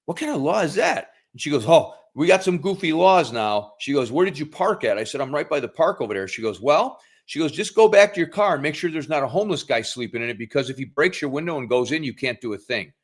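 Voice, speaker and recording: A middle-aged man chatting on a podcast, telling a story in a folksy way with pauses. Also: mid-range voice, expressive. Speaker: podcast co-host. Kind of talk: casual political chat.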